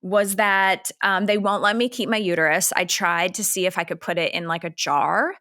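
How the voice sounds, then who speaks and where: Speaking in a mid-range voice with fairly even intonation, a Canadian woman in her thirties sounds bright and forceful at normal speed. She's co-hosting a podcast, rambling candidly with plenty of filler words.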